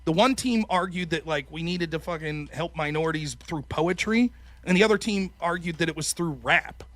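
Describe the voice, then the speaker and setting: A man with a high, bright voice tells a story on his podcast, swearing freely and putting on mocking voices for the people he quotes. The sound is close and dry, with no room in it. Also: normal speed, dry recording. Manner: profane, animated, mocking voices when quoting people. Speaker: podcast host. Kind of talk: casual chat, storytelling.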